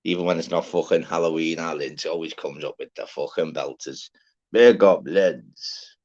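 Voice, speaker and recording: A man hosting a live stream, giving rambling, swear-filled shout-outs to listeners in a casual chat. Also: a bass voice, moderate pace. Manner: chatty, swears freely, rambling. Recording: dull lo-fi sound.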